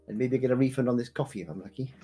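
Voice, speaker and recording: A man's voice: mid-range voice, slightly rough. A man playing a tabletop game, talking in a hesitant, polite way with many fillers. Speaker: player. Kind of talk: casual tabletop role-play.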